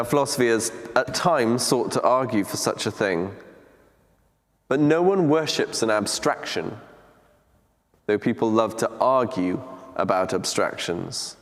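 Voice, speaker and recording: A man preaching a teaching talk on scripture in a church, speaking in a measured, deliberate way with reflective pauses. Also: medium pitch. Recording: long church reverb.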